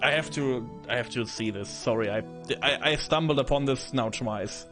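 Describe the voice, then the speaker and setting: A man's voice: medium pitch, normal speed, music in the background. A man streaming a game and chatting casually, rambling and correcting himself as he goes. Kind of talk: casual let's play chat.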